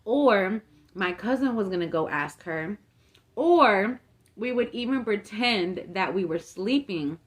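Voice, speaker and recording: This mukbang vlogger takes it slowly, her mid-range voice animated as she tells a story over her meal. She's a young woman, chatty and filler-heavy, performing the voices of whoever she quotes.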